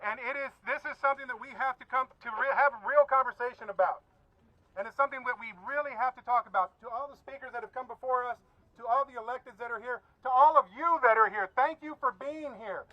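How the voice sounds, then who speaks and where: A man's voice: very high-pitched, fast talker, sharp tone, no echo, highs cut off. A man giving a fired-up rally speech outdoors, calling out to the crowd. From Texas. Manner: fired-up, rousing, calls out to the crowd. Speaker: union leader speaking at a rally.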